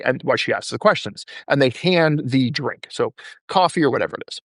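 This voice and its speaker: A man's voice: medium pitch, fast, no room sound, clean studio sound. A male podcast host telling stories in a casual interview chat and acting out the people he quotes. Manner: animated, acts out quoted people in his stories.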